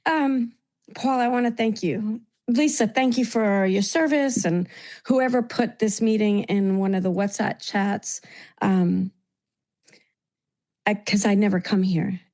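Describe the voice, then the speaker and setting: New lady on a video call, emotional and grateful, mellow voice. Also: medium pitch, fairly even intonation, measured pace. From New York. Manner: heartfelt, tearful at times, grateful. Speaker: meeting participant. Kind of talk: emotional sharing in a recovery meeting.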